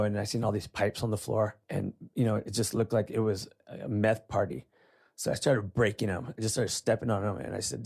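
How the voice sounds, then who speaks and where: A man's voice: on the low side, vocal fry, darkish tone. A man in his forties telling a hard personal story in plain, conversational words, full of "you know" fillers and at times close to tears. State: emotional, near tears at times. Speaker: podcast guest.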